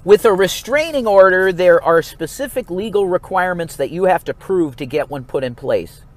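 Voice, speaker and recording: A man's voice: sits high, expressive, moderate pace. Rambling, profane vlogging man. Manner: rambling, profane, restless swings between mumbling and outbursts. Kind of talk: casual rambling monologue.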